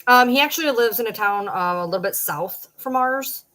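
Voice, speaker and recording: A woman's voice: fairly high pitch, fairly quick, bright, forceful tone, rough recording. A woman of about forty with a Michigan accent, chatting bluntly and with plenty of swearing to viewers on a late-night livestream. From Michigan, Detroit downriver area. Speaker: social media personality.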